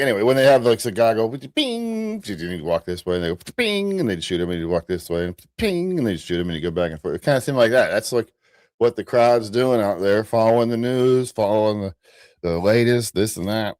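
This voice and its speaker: A man's voice: lowish voice, lively intonation, quick pace, darkish tone, dry recording, studio quality. An American man hosting a live morning commentary show, rambling casually with restarts and chuckling at himself.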